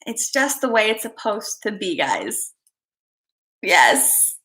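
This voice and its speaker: Chatting with viewers and reading their comments, a woman runs a relaxed live stream, giggling often and drifting into quiet asides. Her mid-range voice is sing-song and slow.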